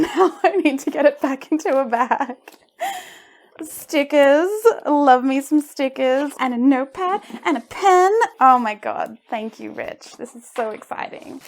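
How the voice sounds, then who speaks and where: A young woman vlogging an unboxing, gushing and giggling with excitement. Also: fairly high pitch, creaky. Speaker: maker vlogger. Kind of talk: unboxing vlog.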